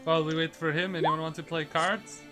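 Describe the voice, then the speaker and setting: A man's voice: a little high, flat delivery, brisk, sharp tone, soft background music. A man playing a tabletop game in character, with a sardonic way of talking. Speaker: player.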